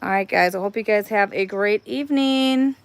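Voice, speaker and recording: A woman's voice: medium pitch, normal speed, smooth, no room sound. A woman hosting a casual live stream, chatty and rambling, filming on a phone while walking around an outdoor cat playground. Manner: chatty, rambling, laughs easily.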